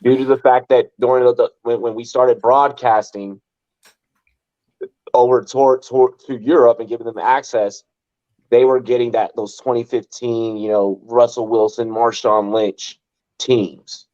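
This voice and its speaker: A man's voice: mid-range voice, fairly even intonation, unhurried, dark tone. A man hosting a casual sports talk show, blunt and swearing often. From United States. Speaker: podcast host. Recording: dull lo-fi mic.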